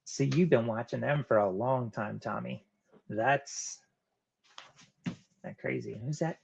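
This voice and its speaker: A man with a gravelly, creaky voice hosts a casual live-stream chat, reading viewers' comments aloud and answering each one in an easygoing, rambling way. His voice sits at an ordinary middle pitch, and the stream audio comes through dull and lo-fi. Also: takes it slowly, a little mellow. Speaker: live-stream host of a reselling channel.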